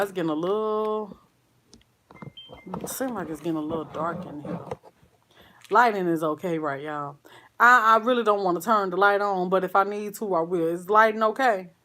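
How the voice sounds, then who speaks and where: A woman's voice: medium pitch, pushed and bright. A woman talks to her live-stream viewers in a loose, slangy way, calling them "girl" and "child." She slides into heated, profane rants about local grievances. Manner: ranting with profanity. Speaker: vlogger reading live chat. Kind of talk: casual live-stream chat.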